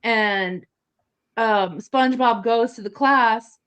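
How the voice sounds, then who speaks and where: Playful, higher-voiced woman guest. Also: slow pace, fairly bright tone, clean tone. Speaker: guest artist. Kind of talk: casual chat.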